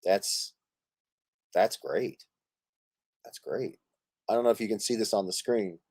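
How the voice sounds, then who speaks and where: A man's voice: on the low side, a little slow, husky, dry recording, clean studio sound. A man hosting a live stream, chatting casually and laughing while he plays a card game with friends. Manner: animated, laughing, swearing playfully. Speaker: streamer host.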